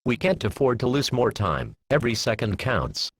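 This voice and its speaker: Bossy unicorn pony, dry and serious, as a man reads her, husky tone. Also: medium pitch, very animated, normal speed.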